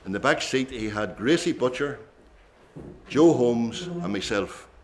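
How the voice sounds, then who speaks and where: Between songs at a traditional singing session, an older man relaxes into rambling stories, chatty reminiscences full of asides. His voice is medium-pitched and animated, a little slow, with a faint hiss or hum on the recording.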